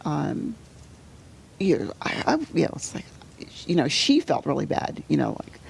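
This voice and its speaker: A middle-aged woman telling a painful personal story as an interview guest, halting and full of fillers, sometimes sinking to a near-whisper. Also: sits low, sing-song, creaky, slight background noise. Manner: halting, full of "you know" fillers and restarts; drops to a soft near-whisper at painful moments. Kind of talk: emotional personal storytelling in conversation.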